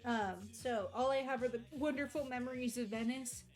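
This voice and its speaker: Young american woman, streamer, casual rambling chat, somewhat high voice, soft music underneath. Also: normal speed. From United States. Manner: rambling, self-mocking, with playful acted-out quotes. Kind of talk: casual chat telling a travel story.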